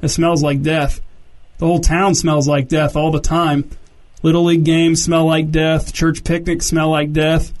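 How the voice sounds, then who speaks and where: A brooding, jealous young man talks low and insistently, leaning on "dude", as a male narrator puts him on. The delivery stays flat and even, with a fairly high male pitch. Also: measured pace, close to an everyday voice. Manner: low, pushy, repeating "dude".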